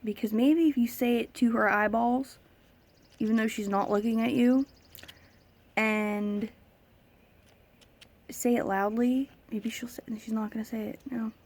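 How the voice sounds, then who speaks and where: Exasperated woman with a gravelly edge. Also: fairly high pitch, steady tone, unhurried, pauses often, darkish tone. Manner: exasperated, emphatic, mimics other people. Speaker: vlogger, autism parent. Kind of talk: casual vlog rant.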